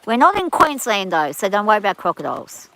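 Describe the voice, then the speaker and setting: A woman's voice: mid-range voice, sing-song, fast, bright, forceful tone, slight background noise, poor audio. A woman with a rural Australian accent, hosting a live stream outdoors and chatting casually as she reads viewer comments aloud and answers them. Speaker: livestream host reading chat.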